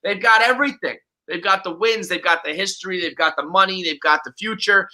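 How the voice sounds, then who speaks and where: A man, co-hosting a casual podcast chat in a brash, profane, animated way. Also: high-pitched, brisk, low-quality recording. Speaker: podcast co-host.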